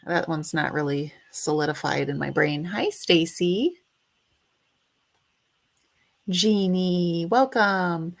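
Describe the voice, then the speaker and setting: A woman's voice: lowish voice, animated, slow, long pauses. A woman hosting a casual livestream, chatting and greeting viewers by name, sometimes singing a snippet. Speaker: livestream host.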